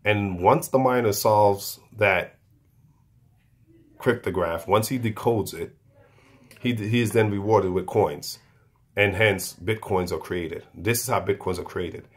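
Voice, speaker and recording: A man with a very low voice explaining a topic off the cuff. He speaks haltingly, breaking off mid-word, restarting and repeating himself as he works toward his point. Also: husky. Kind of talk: unscripted explanation.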